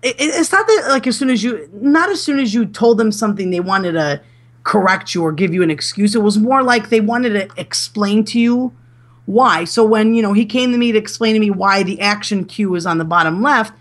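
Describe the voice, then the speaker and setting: Chatty lady guest rambling a bit, lots of restarts, mid-pitched. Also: brisk. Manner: chatty, many restarts and fillers. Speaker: interview guest. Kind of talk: casual interview chat.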